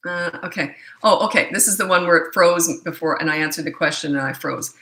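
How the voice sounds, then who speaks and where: A woman's voice: fairly low pitch, pushed and bright, roomy sound, low-quality recording. Blunt, outspoken parenting coach woman. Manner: blunt and opinionated, quick asides. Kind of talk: live Q&A, answering viewer questions.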